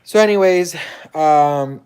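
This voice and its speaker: A man's voice: fairly high pitch, slow, clear, resonant tone. A man telling a dramatic personal story in casual chat, acting out quoted lines and swearing freely. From United States. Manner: animated, dramatic retelling with quoted dialogue and swearing. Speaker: host.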